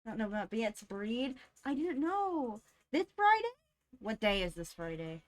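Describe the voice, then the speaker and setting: A woman's voice: on the high side, very animated, unhurried. A woman streamer chatting casually with her live chat, greeting viewers by name and laughing often.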